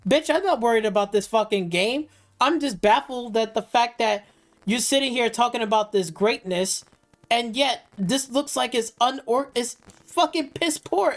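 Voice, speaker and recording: A woman hosting a live gaming stream, ranting with heavy swearing and a heated edge. Her voice sits a little high. She stumbles over and repeats phrases as she presses her points.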